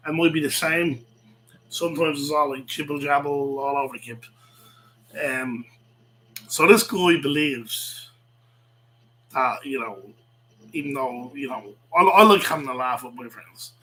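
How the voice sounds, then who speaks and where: A man's voice: a little high, bright, forceful tone, slight background noise, poor audio. A man ranting in a rambling way, swearing a lot, with many fillers and restarts. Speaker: vlogger. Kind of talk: rambling rant to camera.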